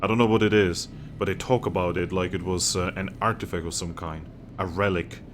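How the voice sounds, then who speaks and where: A man's voice: sits low, steady tone, a little fast, background noise, natural voice. A man voicing a thoughtful male companion in a video game.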